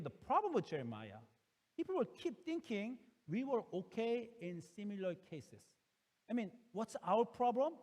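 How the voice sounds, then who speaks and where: A man's voice: sits high, darkish tone, in a large hall. A man preaching a sermon in English as a second language, earnest and emphatic, often restarting his sentences. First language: Korean. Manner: earnest, rises into emphatic pleading when quoting God; non-native phrasing with frequent fillers and restarts. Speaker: pastor.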